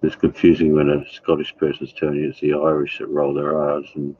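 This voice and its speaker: A man's voice: extremely low pitch, monotone, a little fast, husky. A man chatting casually with his live viewers, rambling and calling out chatters by name, from home. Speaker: livestreamer. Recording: tinny phone-like sound.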